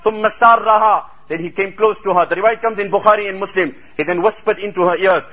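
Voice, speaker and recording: A man's voice: high voice, fairly even intonation, quick pace, slightly rough, dull audio. A man preaching a sermon, telling a story with emphatic, rhetorical exclamations.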